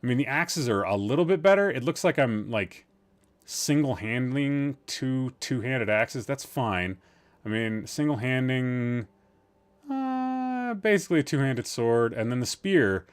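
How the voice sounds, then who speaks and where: A man hosts a live-streamed podcast from a room at home, talking off the cuff. He rambles from one thing to the next and keeps teasing and joking with the people in his chat. His voice sits at an ordinary middle pitch for a man. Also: lively intonation, measured pace, clear, resonant tone.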